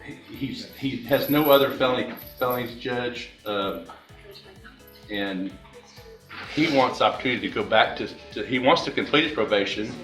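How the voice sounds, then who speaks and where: A man argues as defense attorney in a courtroom, speaking haltingly with frequent restarts. He sounds distant from the mic, in an echoey room. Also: mid-range voice, fairly bright tone, faint music behind. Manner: halting, many fillers and restarts. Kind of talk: courtroom argument.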